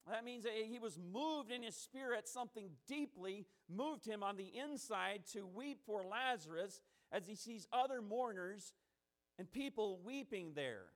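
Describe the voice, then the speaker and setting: A man preaching a sermon, repeating phrases for emphasis and drawing out key words as he builds. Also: sits high.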